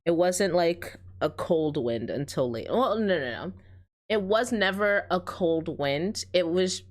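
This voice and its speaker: A woman's voice: fairly low pitch, lively intonation, a little slow. A woman streaming a story game, chatting casually and correcting herself as she goes. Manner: chatty, rambling, self-correcting. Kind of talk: casual game-play chat.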